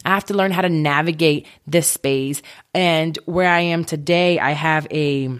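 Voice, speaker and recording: A woman's voice: deep voice, fairly even intonation, measured pace, smooth. A woman in her thirties hosting a podcast alone, talking candidly and emotionally about her struggles with frank swearing, from her home office. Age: 30s. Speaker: podcast host. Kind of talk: candid solo podcast monologue.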